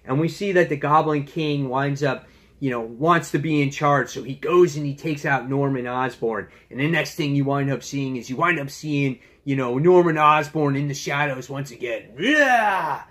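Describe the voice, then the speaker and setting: A man's voice: medium pitch, moderate pace, a bit bright. A man hosting his own comic book review channel, talking in an enthusiastic, chatty way full of fillers. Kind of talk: casual review vlog.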